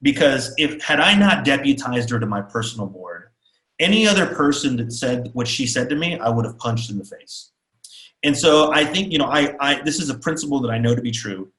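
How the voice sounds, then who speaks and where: Animated storytelling man in echoey room. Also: medium pitch, a little fast. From Texas, USA. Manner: animated, acts out quotes of others. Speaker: keynote speaker. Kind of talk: storytelling talk.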